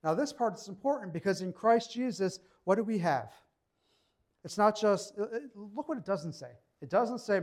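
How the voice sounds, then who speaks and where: A young man preaching a sermon in a relaxed, conversational way, slowing down when he reads scripture. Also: high voice. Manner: conversational preaching, slows to read scripture aloud. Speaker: pastor.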